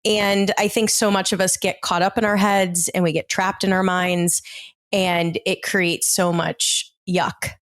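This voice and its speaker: A woman's voice: on the low side, little pitch movement, a little slow, dry recording, clean studio sound. A woman co-hosting a podcast as a therapist, bantering playfully and swearing freely in casual chat.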